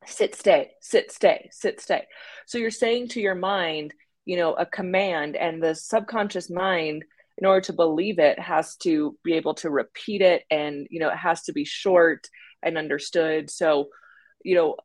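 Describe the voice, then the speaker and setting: A young woman co-hosting a podcast, chatting casually in a lively, joking way. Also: sits low, moderate pace, no echo. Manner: lively, animated, laughing and joking. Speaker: podcast co-host. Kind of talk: casual chat.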